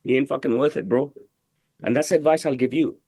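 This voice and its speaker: A man's voice: mid-range voice, fairly even intonation, a little fast, dark tone, slightly rough, no room sound. A middle-aged man, a tailor, giving a brash, profane and emphatic interview, full of "bro" and "you know what I mean". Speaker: guest, tailor. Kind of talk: casual interview talk.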